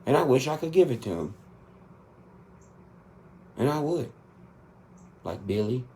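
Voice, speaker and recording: A man's voice: medium pitch, big pitch swings, a little slow, warm tone. A man in his thirties delivering an angry, profane spoken rant inside a song. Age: 30s. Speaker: country rap artist.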